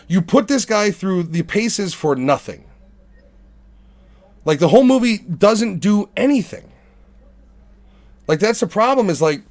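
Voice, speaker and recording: A man hosting a podcast, ranting in casual, profane chat. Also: high-pitched. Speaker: podcast host.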